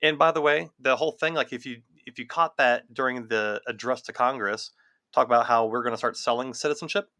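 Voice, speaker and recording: Bright-voiced man rambling about politics. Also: mid-range voice, a little fast, no echo, studio quality. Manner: rambling, laughs between points, swears. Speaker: podcast co-host. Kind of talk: casual political chat.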